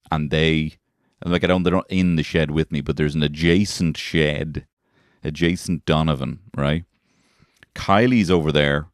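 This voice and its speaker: An Irish man in his thirties, a comedian hosting a podcast from his shed, rambling and swearing while high on weed. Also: dry recording, clean studio sound. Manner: rambling, swearing, laughing at his own jokes. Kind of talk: rambling comic monologue. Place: garden shed.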